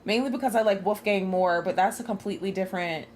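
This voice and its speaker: A woman's voice: mid-range voice, fast talker, a little mellow, slight background noise. Chatty, laughing woman streamer. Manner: chatty, swears freely, laughs often. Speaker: game streamer. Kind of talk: casual gameplay commentary.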